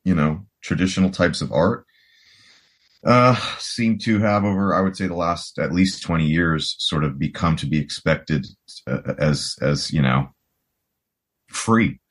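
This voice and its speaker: This is a US rock guitarist in his forties, guesting on a podcast in a loose, rambling conversation. He keeps saying "you know" and restarting sentences, in a low, slightly rough voice at an unhurried pace.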